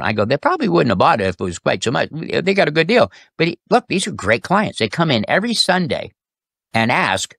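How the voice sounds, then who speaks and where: A man as an interview guest, telling sales stories in a lively way and acting out the people in them. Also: a little high, a little fast, gravelly, no echo, clean studio sound. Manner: animated, acts out quoted customers and bosses. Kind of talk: casual storytelling interview.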